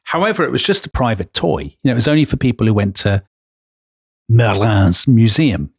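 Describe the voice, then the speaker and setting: A man's voice: medium pitch, animated, a little fast, breathy edge, no echo, clean studio sound. An Englishman co-hosting a history podcast, telling stories with enthusiasm and lots of asides. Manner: storytelling, enthusiastic, full of asides. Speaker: podcast co-host. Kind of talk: casual history podcast chat.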